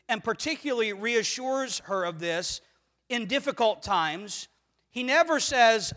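Pastor, male, very high voice, earnest sermon delivery in a reverberant church sanctuary. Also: lively intonation, moderate pace, fairly bright tone. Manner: earnest preaching, rhetorical questions, swells and drops in volume. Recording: long reverb of a church hall.

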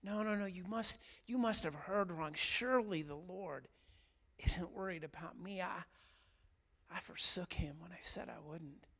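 A man's voice: high-pitched, vocal fry, sharp tone, voice pushed up, exaggerated voice. Preacher doing an ashamed disciple guy, stammering, can't believe it. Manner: halting, disbelieving, stammering. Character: guilt-stricken ashamed adult male disciple.

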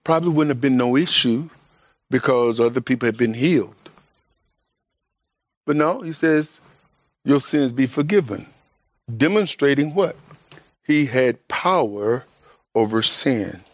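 A man preaching a sermon to his congregation, emphatic and conversational, with everyday vernacular, often jumping up high in pitch to stress a point. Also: lively intonation, measured pace, pauses often, no room sound, studio quality.

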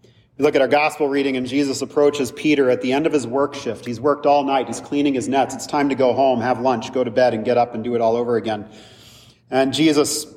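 A man's voice: mid-range voice, fairly even intonation, fairly quick, darkish tone. A man preaches from the pulpit, speaking to his congregation in a conversational way with touches of humor. He sounds set back from the microphone, and his voice rings through a long, echoing church hall. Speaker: pastor. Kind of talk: sermon. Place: church sanctuary. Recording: distant mic with long hall reverb.

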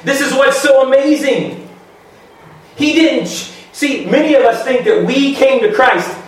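A male pastor preaching a sermon with emphatic, halting restarts and rhetorical questions. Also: very high voice. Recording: very echoey room, voice from far off.

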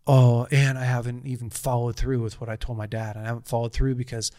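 A man's voice: medium pitch, level tone, quick pace, dark tone, dry recording, clean studio sound. A man in his thirties telling a personal story in casual conversation, earnest and rambling, with frequent restarts.

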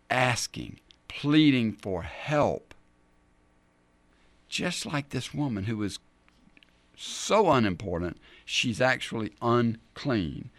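A man hosting a Bible teaching show, telling scripture stories in an animated way and acting out the people in them. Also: medium pitch, no echo. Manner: animated, acts out the scripture scenes in character voices. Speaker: men's ministry teacher and show host.

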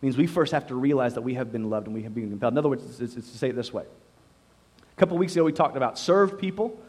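A man's voice: mid-range voice, fast talker, darkish tone. A man preaching a sermon to a live congregation in a conversational way, repeating words and often saying "you know". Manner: speaks to a live congregation, asks them questions. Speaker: pastor. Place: church service before a congregation.

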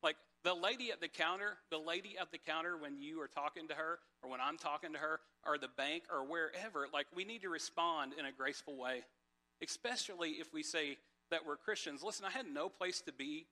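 Pastor, man, slightly high bright voice, chatty sermon with a personal story, loose and conversational. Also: fairly quick. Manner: conversational, many fillers and restarts.

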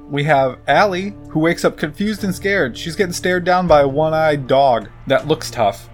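A man giving a casual, profane movie recap, joking and rambling off on tangents. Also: medium pitch.

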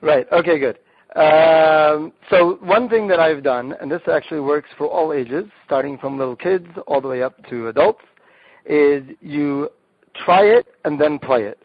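A rabbi guesting on a show explains group games step by step with enthusiasm, frequently restarting his sentences. His voice sits fairly high and moves a little slowly, with no echo. The recording is dull, dry and lo-fi.

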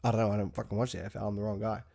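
Profane, punchy podcast host. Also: male voice, lowish voice, level tone, very fast, vocal fry, warm tone. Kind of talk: motivational podcast monologue.

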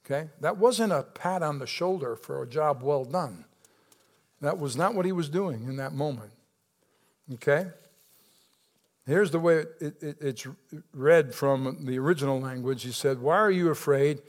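High-voiced man preaching a sermon. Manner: preaching with call-outs to the congregation; swings from soft, slow emphasis to rising, emphatic calls. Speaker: pastor. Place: church.

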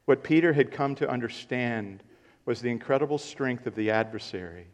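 A man's voice: mid-range voice, normal speed. A man, a pastor, preaching an earnest sermon who repeats key points and rises in volume for emphasis.

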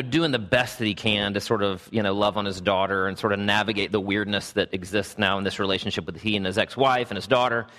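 A man preaching to his congregation in a relaxed, conversational way with frequent fillers, softening during prayer. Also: mid-range voice. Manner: conversational, many fillers, drops soft in prayer. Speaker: pastor. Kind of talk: sermon with prayer. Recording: reverberant hall.

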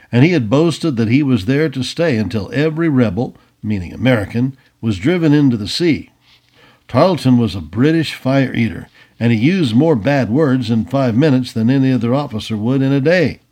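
A man reading a historical story aloud as a storyteller, lively, with casual asides. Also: medium pitch, moderate pace.

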